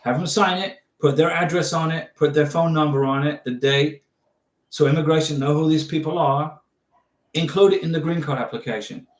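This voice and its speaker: Heard in an echoey room, this middle-aged man runs a livestream on visa questions, reading viewers' messages and reassuring them casually. His voice is a bit high, steady in tone and moderate in pace, and he chats on with plenty of repeats and restarts.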